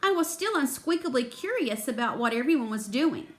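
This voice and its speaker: A woman's voice: high-pitched, animated, fairly quick. A woman reading a children's chapter book aloud, expressively voicing the characters. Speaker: reader.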